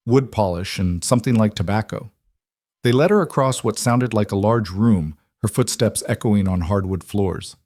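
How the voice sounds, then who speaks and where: A man narrating a scripted story in an even, measured way. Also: lowish voice.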